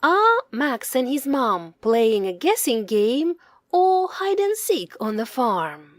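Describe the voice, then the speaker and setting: A woman reading her own children's story aloud, telling it slowly and expressively and asking the listening children questions. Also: sits high, no echo, studio quality. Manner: slow, expressive, sing-song storytelling for children. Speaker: storybook reader and author.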